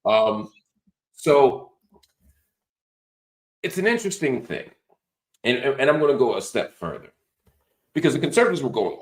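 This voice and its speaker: A middle-aged man hosting a political commentary show, talking in an animated, sarcastic way with mocking asides. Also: mid-range voice, normal speed, long pauses. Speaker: host.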